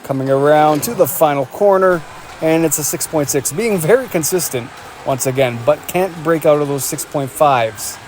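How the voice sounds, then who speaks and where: A male race commentator with a slightly higher-than-average voice, calling the action play by play. His delivery is energetic and excitable, and a faint hum of noise sits behind him. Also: moderate pace.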